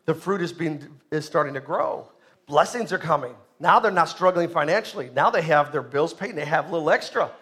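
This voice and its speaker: A man preaching a sermon as pastor, emphatic, swinging between loud bursts and soft asides, asking the congregation questions. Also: fairly high pitch, expressive, brisk.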